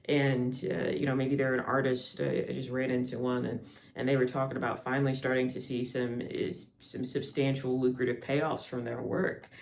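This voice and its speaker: A man at a middle pitch delivers a spiritual podcast monologue. He rambles, doubles back and restarts his sentences, and laughs lightly between phrases. A faint hiss of noise sits under the recording. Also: vocal fry. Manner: rambling, many restarts and asides. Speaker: podcast host.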